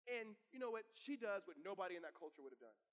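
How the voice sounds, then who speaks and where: A man's voice: high-pitched, sing-song, quick pace, dull audio. A man preaching a live sermon as pastor in a church, talking conversationally and emphatically, often repeating words. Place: church sanctuary with long reverb. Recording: long hall reverb.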